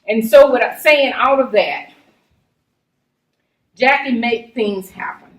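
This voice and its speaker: A woman giving an earnest, measured introduction of a candidate with churchy phrasing. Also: mid-range voice. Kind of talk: formal introduction speech. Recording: echoey room from far off.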